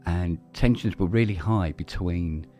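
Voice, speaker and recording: Low, mellow-voiced man telling a story. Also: measured pace, faint music behind. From London, England. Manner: storytelling, swears freely, rambling with restarts. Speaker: podcast co-host. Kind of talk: casual chat.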